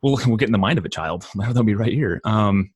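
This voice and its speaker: A man's voice: lowish voice, animated, fairly quick, darkish tone, slightly rough, no echo, studio quality. A man hosting a podcast from his home office, chatting casually and rambling with lots of restarts and "right?" tags. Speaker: podcast host. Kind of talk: casual interview chat.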